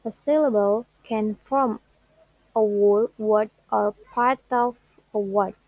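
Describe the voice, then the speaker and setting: A young woman whose first language is Indonesian presents to her class on English word stress, speaking cautiously with hesitations and stretched-out example words. Her voice is medium-pitched and steady, in a dry recording that sounds narrow and tinny.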